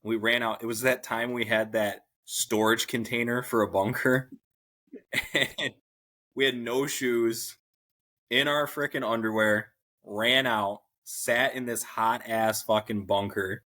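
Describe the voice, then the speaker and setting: A man's voice: mid-range voice, steady tone, takes it slowly, pushed and bright. A man casually telling army stories on a podcast, laid-back and profane. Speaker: podcast co-host, army veteran. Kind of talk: casual storytelling chat.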